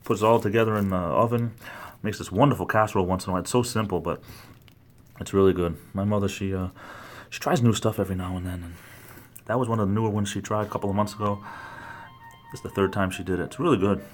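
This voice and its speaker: A man's voice: on the low side, steady tone, fast. A man from the East Coast chatting casually on a livestream while he walks around at work, rambling and answering his viewers. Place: large building at work, walking around.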